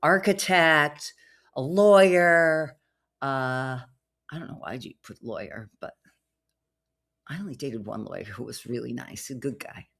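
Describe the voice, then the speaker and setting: A woman's voice: extremely low pitch, unhurried, creaky, a bit bright. A middle-aged woman hosting a podcast, telling a rambling personal story in a chatty way full of asides and fillers. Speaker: podcast host. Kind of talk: casual storytelling monologue.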